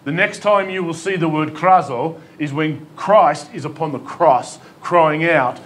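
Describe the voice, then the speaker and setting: A man's voice: a little high, steady tone, a little slow, few pauses. A man with an Australian accent, a pastor preaching a sermon in an emphatic, pleading way, with rhetorical questions and humor. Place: church hall.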